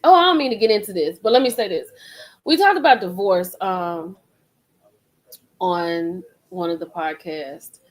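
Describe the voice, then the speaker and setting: A woman's voice: fairly low pitch, expressive, measured pace, poor audio. A middle-aged woman hosting a live stream, rambling in casual chat and repeating herself as she talks straight to her viewers.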